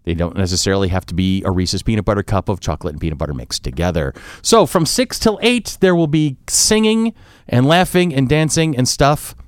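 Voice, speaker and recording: An upbeat man hosting a casual podcast, rattling off event details with little jokes along the way. His voice is smooth and clear, and the recording is close and dry with no room sound. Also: lowish voice, fairly quick, no room sound. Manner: upbeat, jokey announcer of events. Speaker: podcast host.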